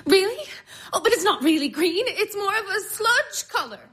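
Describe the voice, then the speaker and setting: A woman's voice: very high-pitched, animated, moderate pace, fairly bright tone. A woman playing a flustered shy fiancee. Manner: flustered, self-conscious. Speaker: fiancee, guest. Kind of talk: stage drama acting.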